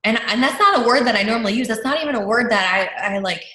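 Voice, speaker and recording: A young woman leading a team recounts a story in a laid-back leadership talk over video call, animated, restarting often and using many fillers. She talks fast in a slightly high voice, and the audio has a roomy echo.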